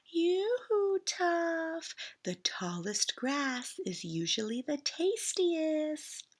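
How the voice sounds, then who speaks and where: A woman voicing a small, timid male ogre in a storybook read-aloud, with a squeaky, shaky voice. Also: lively intonation, slow pace, pushed and bright, full character voice. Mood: sly, sing-song.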